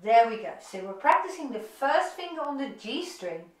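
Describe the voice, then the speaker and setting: Woman violin teacher, encouraging and upbeat, high and animated, echoey room with violin behind. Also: moderate pace, distant mic. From United Kingdom. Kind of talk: online music lesson. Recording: roomy echo, off-mic, violin playing.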